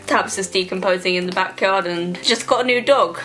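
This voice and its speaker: A woman's voice: medium pitch, normal speed, hardly any pauses, a bit bright, faint music behind. A young woman vlogging to camera in a playful, rambling, self-mocking way. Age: young adult. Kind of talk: casual comedic vlog monologue.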